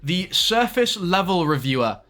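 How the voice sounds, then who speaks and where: A young man streams live and chats casually, tossing quick asides to his viewers. His voice sits a little high and sounds bright and forward. Faint music plays behind him. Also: very animated. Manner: chatty, quick asides to chat.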